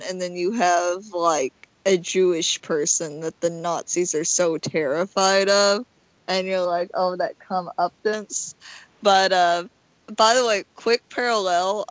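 A woman's voice: on the low side, dry recording, poor audio. Teasing woman on a podcast, dry sound. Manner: joking, teasing, rambling asides. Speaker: podcast co-host. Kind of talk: casual chat.

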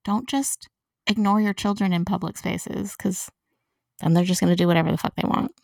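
A woman's voice: lowish voice, steady tone, fairly quick, vocal fry, a little mellow, no echo, studio quality, far from the mic. A woman guest on a podcast, blunt and emphatic, swearing freely as she chats casually. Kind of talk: casual chat.

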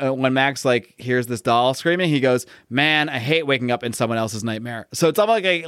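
A man's voice: mid-range voice, fairly bright tone, smooth, dry recording, clean studio sound. A young man casually recapping a comic with his co-host, rambling with many fillers and restarts as he reads out lines. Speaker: podcast co-host discussing comics.

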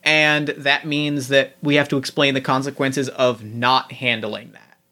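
A man playing a tabletop role-playing game, talking in halting restarts and explaining the rules. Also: medium pitch, little pitch movement, bright, forceful tone. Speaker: player. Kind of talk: casual tabletop game play.

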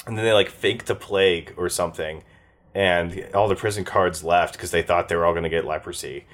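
Deep-voiced rambling game master. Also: male voice, fairly even intonation, fairly quick, a bit bright. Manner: rambling, many fillers and restarts. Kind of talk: casual post-game chat.

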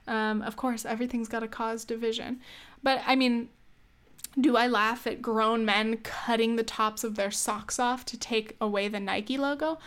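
A young woman talks through her opinions in a loose, chatty way, often laughing at herself and restarting her sentences. Her voice sits a little high and sounds smooth and clear. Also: steady tone, normal speed, fairly bright tone. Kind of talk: casual opinion monologue.

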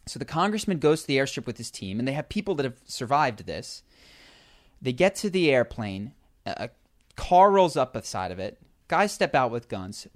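A man telling a long story in a casual chat, animated, with many fillers and restarts. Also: medium pitch, moderate pace.

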